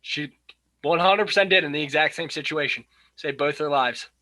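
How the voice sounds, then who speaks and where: A man co-hosting a casual movie podcast, excitable and swearing freely as he recalls scenes. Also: on the high side, normal speed. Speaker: podcast co-host. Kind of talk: casual movie review chat.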